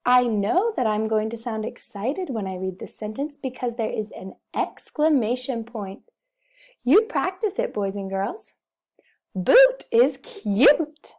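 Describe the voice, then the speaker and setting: Primary teacher, woman; slow, mellow, fairly high voice; patient, expressive read-alouds for little kids. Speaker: first-grade teacher. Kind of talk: recorded remote reading lesson for children.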